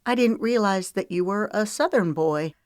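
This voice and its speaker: A woman's voice: mid-range voice, animated, moderate pace, a little mellow, no room sound, studio quality, voice pushed up, natural voice. A woman narrator voicing a tearful, defiant young woman in an audiobook, with a pleading, emotional delivery. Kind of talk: audiobook character voice.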